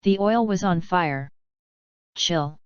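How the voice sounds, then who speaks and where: A woman reading English story passages aloud slowly and carefully, like a tutor. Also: fairly low pitch, clean tone, dry recording, highs cut off. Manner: careful, even read-aloud.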